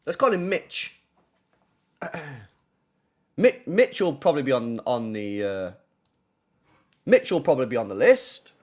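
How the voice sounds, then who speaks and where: A man's voice: medium pitch, sing-song, slow, long pauses, a little mellow. A man hosting a casual football livestream, blunt and profane, often repeating himself. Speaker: football channel host.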